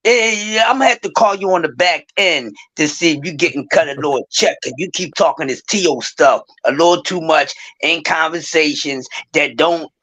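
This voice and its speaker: A man co-hosting a casual sports podcast, ranting in an animated, sarcastic way. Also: on the high side, moderate pace, few pauses, poor audio. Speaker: podcast co-host.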